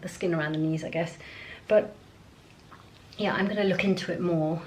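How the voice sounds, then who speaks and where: A woman's voice: lowish voice, poor audio. Chatty woman vlogging at home. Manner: chatty and rambling, talks while getting ready. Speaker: beauty vlogger. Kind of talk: casual chat to camera. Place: at home, indoors.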